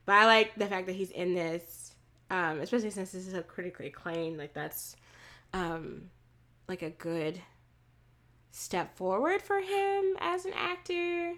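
A woman's voice: mid-range voice, a little slow, fairly bright tone. A woman, co-hosting a casual chat, talking loosely with many fillers and easy laughs. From Texas. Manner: chatty, frequent "like" and "um" fillers, laughs easily. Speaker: podcast co-host.

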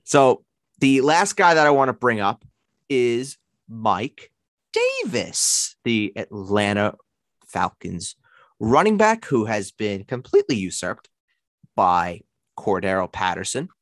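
Man, Long Island accent, podcast host, playful, lively pitch, dry close sound. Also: no room sound. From Long Island, New York. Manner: animated, playful, jumps between high and low pitch. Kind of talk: casual sports chat.

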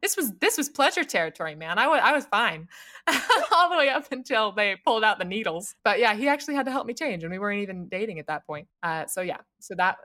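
A woman's voice: medium pitch, big pitch swings, fast talker, pushed and bright. A young woman casually telling a story on a podcast, wry and teasing, laughing often.

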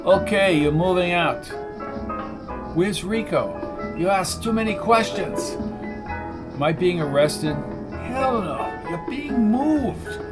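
A man's voice: sits high, lively intonation, slow pace, pauses often, loud music behind the voice, pitched above the performer's own voice, low-quality recording. A man voicing a menacing little male henchman with a thick Spanish accent, speaking in clipped, threatening lines.

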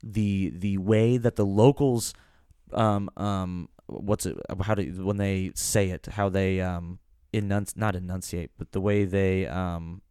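Young man, podcast host, resonant low voice, jokey and rambling. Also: flat delivery, measured pace, dark tone, clear, resonant tone, no room sound, studio quality. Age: young adult. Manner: joking, searches aloud for words. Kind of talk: casual chat.

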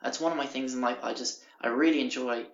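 A man's voice: mid-range voice, fast talker, gravelly. A young Irish man hosting a podcast, telling a rambling story in casual chat, swearing often and acting out what people said. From Ireland. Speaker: podcast host. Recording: roomy, dull lo-fi recording.

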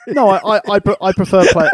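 A man co-hosting a casual comedy podcast, his pitch leaping wildly as he laughs and acts out his kid's lines. The sound is dry and close, with no room around it. He tells stories at a loose, chatty clip. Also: husky, dry recording. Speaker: podcast co-host.

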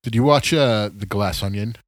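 A man's voice: lowish voice, moderate pace, no echo. A man co-hosting a podcast in casual, profane chat, laughing and mocking people in put-on voices. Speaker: podcast co-host.

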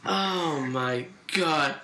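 Speaking very slowly in a slightly high voice, a young podcast co-host rambles through easygoing stories full of fillers and laughs. The chat takes place in a large, echoing room with heavy background noise.

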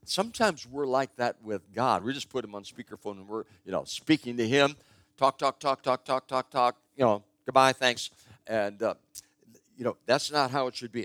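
A man's voice: mid-range voice, a bit bright, no echo. An older man preaching a sermon in a conversational, storytelling way, stressing his key points. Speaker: pastor.

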